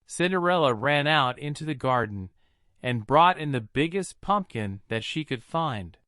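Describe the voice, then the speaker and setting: A man narrating a fairy tale in an expressive storybook style. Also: mid-range voice, a little slow, dry recording, studio quality. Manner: expressive, lilting delivery.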